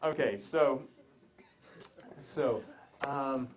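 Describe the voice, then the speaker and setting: In a dull, lo-fi recording with a noisy background, a male seminar speaker of medium pitch draws out his words. He talks live to a roomful of attendees, rambling, restarting often, and tossing in jokes.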